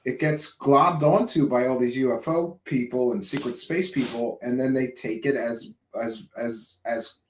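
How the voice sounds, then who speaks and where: A man's voice: medium pitch, steady tone, measured pace, few pauses, a little hiss or hum. A man hosting a podcast interview, joking and teasing his guest in casual chat. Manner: joking, teasing, playful asides. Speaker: host. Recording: echoey room.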